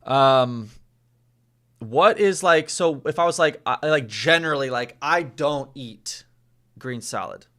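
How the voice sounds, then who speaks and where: A young man learning a language in a casual lesson, hesitant, repeating phrases slowly as he practices. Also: mid-range voice, animated, a bit bright.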